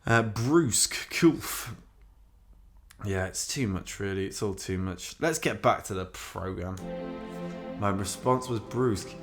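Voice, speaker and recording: Excitable Midlands radio host. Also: male voice, on the low side, slow pace, faint music behind. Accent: mildly Midlands English. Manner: excitable, self-mocking asides. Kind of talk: comic reading with asides.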